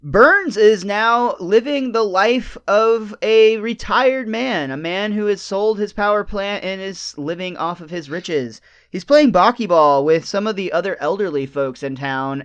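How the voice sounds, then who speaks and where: A male podcast host recaps scenes in relaxed, casual chat. His voice sits high and sounds smooth and resonant. He keeps his storytelling lively. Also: measured pace, hardly any pauses, highs cut off.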